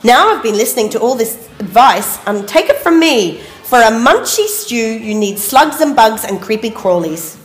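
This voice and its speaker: A woman voicing a fussy, bristly male echidna in a storybook read-aloud, speaking high, quick and bossy. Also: expressive, natural voice. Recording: echoey room.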